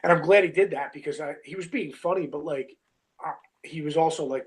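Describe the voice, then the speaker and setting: A man's voice: on the high side, fairly quick, rough recording. A man in his thirties, a wrestler telling a long story in a casual interview, full of fillers like "you know what I mean" and "bro".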